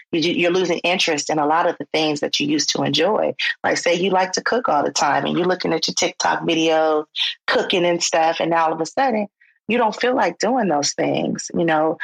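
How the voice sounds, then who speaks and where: A woman's voice: sits low, gravelly, breathy edge, dry recording, rough recording. A woman who works as a clinical social worker, explaining mental health conversationally in a podcast interview and acting out quoted speech. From United States. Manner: conversational, acts out quoted speech, informal phrasing.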